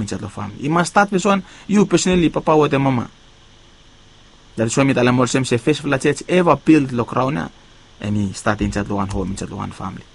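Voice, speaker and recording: A man's voice: gravelly, husky. Man preaching a sermon. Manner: emphatic rises on key words, phrase endings fading low and quiet.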